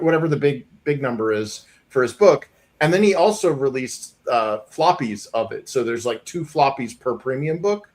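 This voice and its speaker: Rambling, chatty man. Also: medium pitch. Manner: rambling, quick, many restarts and laughs. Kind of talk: casual chat.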